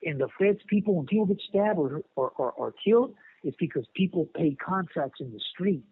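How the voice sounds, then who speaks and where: A man's voice: fairly high pitch, animated, fairly quick, slightly rough, no room sound. A man telling a story from inside prison over a phone call, rambling in street slang with many repeated words. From California. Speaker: inmate telling his story. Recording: tinny prison phone line.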